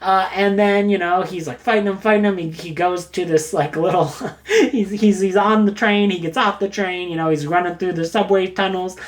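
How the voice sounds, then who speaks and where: A man casually recommending books, rambling and jokey, getting animated as he retells a story. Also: sits high, moderate pace. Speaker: book reviewer. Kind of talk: casual book recommendation talk.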